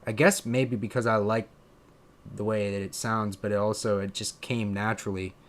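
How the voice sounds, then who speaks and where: A man from Pennsylvania with a drawn-out, slightly southern accent, musing in a casual live-stream chat, full of fillers and restarts. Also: lowish voice, level tone, slight background noise. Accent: Pennsylvania, with a drawn-out southern drawl. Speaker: streamer and content creator.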